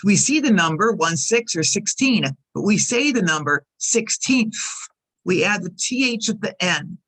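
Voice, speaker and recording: Lady teaching english, says each phrase slow and repeats it for learners. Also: medium pitch, lively intonation, a bit bright. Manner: careful, repeats example sentences for learners. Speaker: ESL teacher. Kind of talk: slow clear teaching narration.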